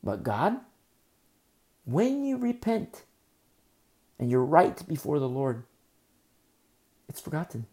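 Gravelly, lively male preacher. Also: on the high side, slow pace, long pauses. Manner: expressive Bible teaching, repeats key phrases. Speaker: pastor. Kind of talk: sermon.

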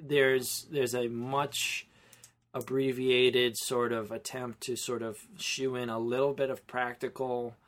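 Rambling, animated male podcast co-host. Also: mid-range voice, slow pace. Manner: rambling, animated, self-interrupting. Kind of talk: casual film chat.

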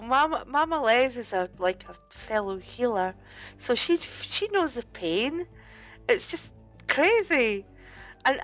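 A woman's voice: on the high side, fairly bright tone. A woman on a casual podcast, talking in a wry, teasing way.

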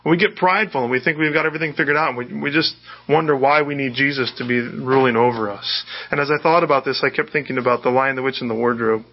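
A man's voice: medium pitch, fast talker. A male pastor giving an earnest sermon, often repeating words as he restarts. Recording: dull lo-fi sermon recording.

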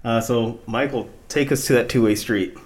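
A man co-hosting a casual Bible study discussion, animated and laughing often as he acts out scripture. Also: mid-range voice, moderate pace. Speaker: co-host of a Bible study show.

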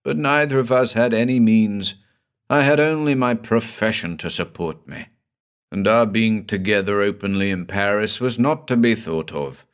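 A man's voice: fairly low pitch, moderate pace, clear, resonant tone, close to an everyday voice. A man voicing a guilt-haunted, anguished doctor. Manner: agitated, intense, confessional. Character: haunted guilt-ridden male doctor, middle-aged.

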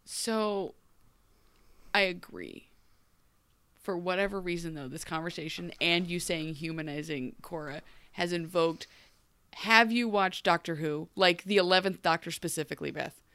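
A woman's voice: on the low side, moderate pace, fairly bright tone, clear, resonant tone, dry recording. A woman co-hosting a podcast in casual chat, gushing about a TV show, laughing often and acting out characters' lines. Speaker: podcast co-host.

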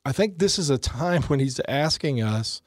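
A man's voice: medium pitch, animated, normal speed, no room sound. Man, forties, earnest, reflective, restarts his phrases, dry close mic. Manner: earnest, reflective, repeats words when starting. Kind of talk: faith discussion conversation.

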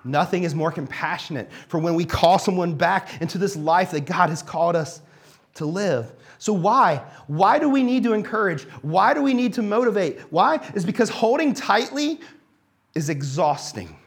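Animated man preaching a casual sermon. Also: sits high, normal speed. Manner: conversational and animated, dropping to quiet reflective tones. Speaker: pastor. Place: church hall.

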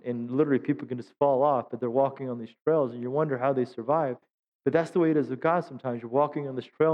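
A middle-aged man preaching a sermon as a pastor, telling humorous stories and acting out quotes in high voices. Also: in a large hall, narrow, tinny audio. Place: church sanctuary.

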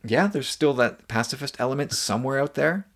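A man's voice: mid-range voice, a little fast. A man co-hosting a casual podcast chat, thoughtful and musing, with frequent restarts. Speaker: podcast co-host.

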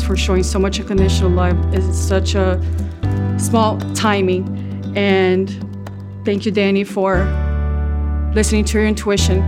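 Woman giving a church testimony, earnest and level, soft guitar behind her. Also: mid-range voice. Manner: earnest, heartfelt, slightly halting. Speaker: congregation member giving a testimony. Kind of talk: spoken testimony.

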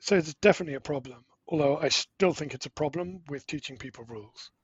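A middle-aged man talks as an interview guest, explaining things with quick asides and restarts. His voice is a bit husky and sits fairly high. The recording is dry and a little dull. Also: no room sound. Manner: animated, explains with quick asides and self-corrections. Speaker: guest, language-learning startup co-founder. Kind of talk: casual explanatory interview talk.

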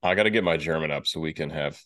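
A male host and opera bass singer, talking eagerly in a relaxed interview. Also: fast talker. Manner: enthusiastic, talkative, many restarts. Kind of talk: casual interview chat.

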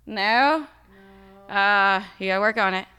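A woman co-hosting a podcast, teasing and profane, tossing in quick jokes and interjections. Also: medium pitch, bright, forceful tone, smooth. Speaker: podcast co-host. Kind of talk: casual chat.

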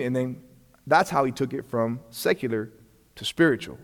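A man's voice: mid-range voice, moderate pace. A man teaching a Bible lesson in a conversational way. He keeps checking in with the class, often restarts his sentences, and acts out bits of dialogue. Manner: frequent restarts and check-ins. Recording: long hall reverb.

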